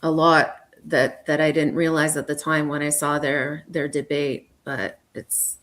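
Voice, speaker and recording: A woman hosts a casual interview in a notably deep voice. She speaks in a measured, thoughtful way and reads out viewer comments. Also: little pitch movement, a bit bright. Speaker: host.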